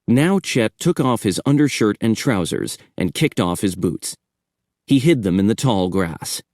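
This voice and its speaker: Measured male horror audiobook reader, animated pitch, dry close sound. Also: no room sound. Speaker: audiobook narrator. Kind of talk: scripted horror audiobook narration.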